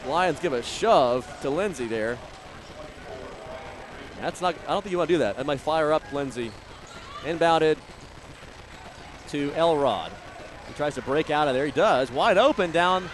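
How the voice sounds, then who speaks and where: A man doing live play-by-play of a high school basketball game, rattling off plays and scores with bursts of excitement on big shots. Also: noisy background. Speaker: play-by-play announcer.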